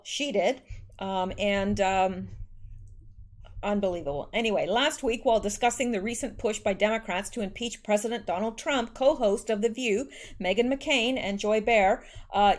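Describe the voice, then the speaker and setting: A woman hosts her own news commentary channel, reading articles aloud at a middling pitch. She breaks off often with scornful, sarcastic remarks and stumbles through fillers and restarts. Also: normal speed. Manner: sarcastic, scornful asides between read quotes, many fillers. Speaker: political commentary channel host.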